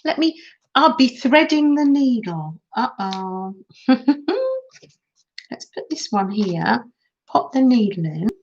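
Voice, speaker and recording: A middle-aged woman hosts a crafting live stream, chatting and giggling often with viewers as she works, in a casual tutorial style. Her fairly high, expressive voice takes things slowly, and the sound is dull and lo-fi.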